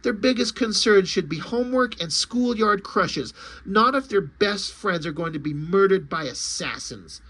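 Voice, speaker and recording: A man reading the lines of a compassionate but stern adult male superhero, in a husky, fairly high voice. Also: expressive, measured pace, fairly bright tone, full character voice.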